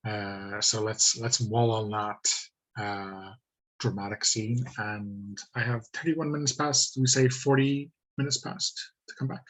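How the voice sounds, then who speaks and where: A man runs a tabletop game over a video call, speaking slowly and hesitantly with plenty of ums. His voice is lowish and husky. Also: fairly even intonation, fairly bright tone, rough recording. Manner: hesitant, many ums, easy laughs. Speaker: game master. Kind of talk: running a tabletop game online.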